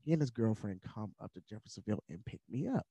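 A male podcast guest tells his personal story in an earnest, candid, casual conversation, at times emotional and using fillers like "uh" and "like." His low voice is warm and mellow with a breathy edge, animated and quick-paced. The recording is dry, close, and dull-sounding with no room sound.

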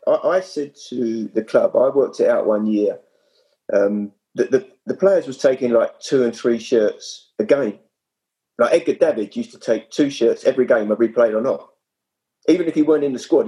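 Animated man telling stories. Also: medium pitch, normal speed, rough recording. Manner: animated, lively storyteller with frequent restarts. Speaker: former club kit man, guest. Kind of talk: casual anecdote telling.

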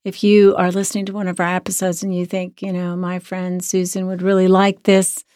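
A hoarse woman co-hosting a podcast as a sex therapist, talking in an earnest, reflective way. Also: lowish voice, monotone, a little fast, a little mellow, dry recording, studio quality. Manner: earnest, reflective, many restarts. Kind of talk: casual podcast chat.

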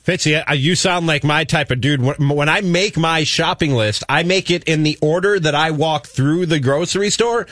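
A man's voice: a little high, moderate pace, hardly any pauses, a bit bright, dry recording. A man on a radio show sharing a story in a friendly, earnest, casual way.

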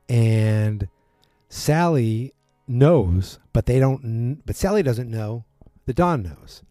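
A man's voice: mid-range voice, husky, dry recording, clean studio sound. A man casually recapping a TV episode, rambling and correcting himself as he acts out bits of dialogue. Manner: rambling, self-correcting, animated quotes.

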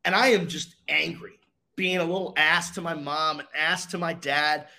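A young man, a racing driver, telling his story in a casual interview with dramatic pauses and energy. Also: a little high, steady tone, vocal fry, bright, forceful tone.

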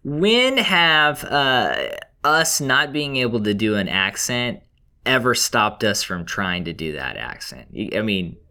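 A man co-hosting a film podcast, upbeat and quick to laugh. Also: medium pitch, sing-song, sharp tone. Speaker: podcast co-host. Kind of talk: casual film discussion.

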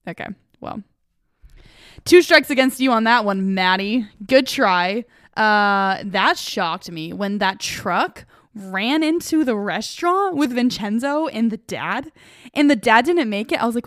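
A young woman hosting a casual solo podcast, excitable and self-mocking, laughing often as she reacts. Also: on the high side, a little slow, no echo, studio quality. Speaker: podcast host.

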